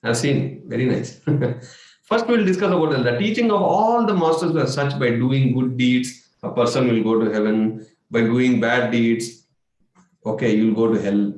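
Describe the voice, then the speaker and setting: A man with an Indian accent giving a spiritual workshop talk as a meditation coach, animated and playful, with sudden exclamations and mimicry. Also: medium pitch, a little slow. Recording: echoey room.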